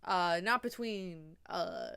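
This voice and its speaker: Young woman rambling on her stream, kinda tipsy and high, smooth clear voice, swears a lot. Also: slow pace, sharp tone. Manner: chatty, swears casually, rambling. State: a little drunk and high. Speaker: livestreamer. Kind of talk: casual livestream chat.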